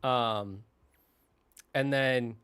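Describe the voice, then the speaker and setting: A man hosting his channel, casually retelling a movie's story in an animated way, often restarting his sentences. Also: medium pitch, clean tone. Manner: animated, restarts often, slips into quick character voices. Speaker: channel host.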